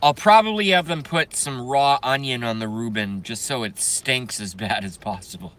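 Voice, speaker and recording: A man ranting angrily and profanely while reading viewer comments, swinging between yelling and mumbling. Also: mid-range voice, normal speed, slight background noise. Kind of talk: angry political rant and comment reading.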